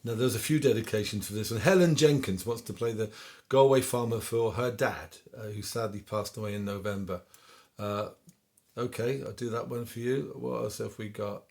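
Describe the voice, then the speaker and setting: A singer-songwriter with an English West Country accent hosts a request show from home during lockdown, chatting casually between songs and reading out dedications. His voice is lowish, creaky, and darkish, at a moderate pace. Faint guitar plays in the background.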